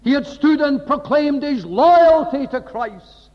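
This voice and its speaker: A man's voice: very high voice, sing-song, measured pace, few pauses. A man preaching an impassioned sermon, often firing rhetorical questions at the congregation. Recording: dull lo-fi recording in a reverberant hall.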